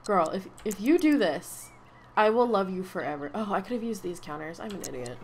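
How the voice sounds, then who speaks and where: A young woman casually commenting on her game, excitable and gushing with chatty asides. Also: medium pitch, brisk, slight background noise. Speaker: gaming YouTuber. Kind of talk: casual let's-play commentary.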